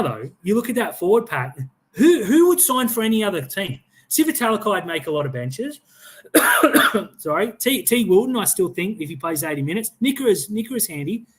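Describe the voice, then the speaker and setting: Chatting sports casually on a live stream, an Australian fan podcast host with a high, slightly bright voice speaks his mind bluntly and swears freely. He often starts sentences over and stammers through repeats.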